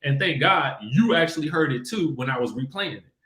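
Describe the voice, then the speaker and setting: A man hosting a casual reality-TV chat show, animated and quick to laugh. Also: a little high, echoey room. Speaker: podcast host.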